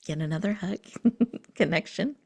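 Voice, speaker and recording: Guiding listeners through a breathing meditation, a female host keeps her low voice soft and slow. Her tone carries a gravelly edge, and she frequently slips into breathy half-whispers.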